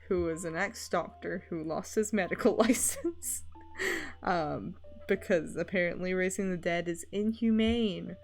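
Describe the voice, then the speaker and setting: A young woman from Scotland who streams, chatting casually while she draws and laughing often between sentences. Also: mid-range voice.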